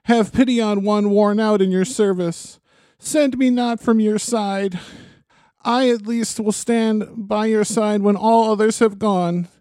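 A man's voice: high-pitched, fairly even intonation, unhurried, a little mellow, no room sound, clean studio sound, pitched above the performer's own voice. A man voicing a groveling, whining royal counselor who pleads and wheedles. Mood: pleading.

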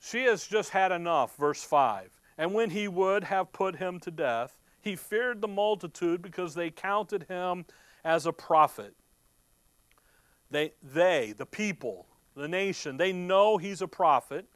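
A man preaching a sermon reads scripture verse by verse and pauses to explain it, posing rhetorical questions and answering them himself, restarting words when stirred. His voice sits high, expressive and unhurried, fairly bright and clean, on a dry recording.

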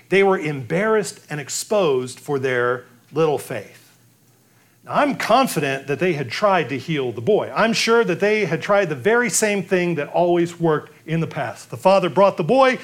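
Lively high-voiced male preacher. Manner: animated preaching, acts out biblical quotes. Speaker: pastor. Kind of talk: sermon.

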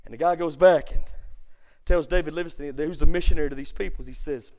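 High-voiced preacher, hushed then booming. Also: male voice, fast talker. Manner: preaching with dramatic swings from hushed to loud; repeats words for emphasis. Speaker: pastor. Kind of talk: sermon. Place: church.

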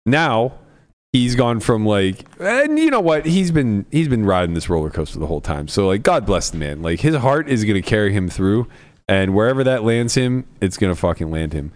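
A man's voice: on the low side, big pitch swings, normal speed. A man hosting a casual podcast, talking through poker hands in a profane, storytelling way. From Pittsburgh area. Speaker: podcast host. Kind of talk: casual chat, poker commentary.

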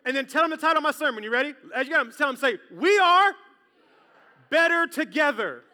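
A man preaching a sermon as pastor, lively and joking, talking straight to his congregation. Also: very high voice, racing. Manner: lively, jokey, talks straight to the crowd. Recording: long hall reverb.

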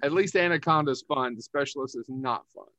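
A man's voice: medium pitch, brisk, a bit bright, dry recording. A man co-hosting a casual movie podcast, chatty and teasing. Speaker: podcast co-host. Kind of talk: casual chat.

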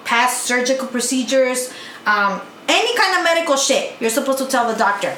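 A woman's voice: sits high, a bit bright, slight background noise. A woman co-hosting a casual podcast, telling a work story in a blunt, profane rant full of mocking quotes. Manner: blunt, heavy swearing, rants with mocking quotes. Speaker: podcast co-host. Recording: echoey room with faint ambience.

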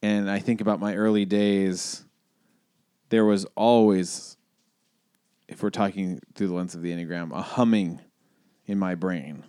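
A man's voice: sits low, steady tone, measured pace, pauses often, mellow, clean tone, no room sound, clean studio sound. A man in his thirties co-hosting a podcast, talking casually and reflectively with many restarts. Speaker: podcast co-host.

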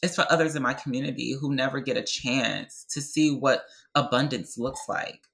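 A young adult woman with an extremely low, slightly bright voice and noticeable vocal fry speaks at normal speed on a poor-quality recording. As a podcast guest in a heartfelt conversation, she talks with passion and conviction, often checking in with "right?".

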